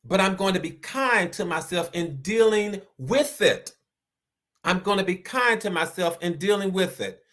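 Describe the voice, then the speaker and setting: A man with a Southern accent and a high voice speaks to his live-stream audience as host. He is earnest and repeats each main point slowly so that it sinks in. Now and then he reads out and thanks comments from the chat. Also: lively intonation, fairly bright tone. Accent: Southern American. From American South. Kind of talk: motivational live-stream talk.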